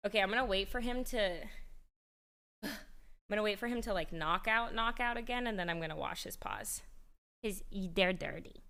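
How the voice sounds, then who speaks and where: A woman's voice: medium pitch, animated, normal speed, vocal fry, sharp tone. A woman livestreamer in casual chat, rambling with frequent restarts and easy laughter. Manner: chatty and rambling, restarts often, laughs easily.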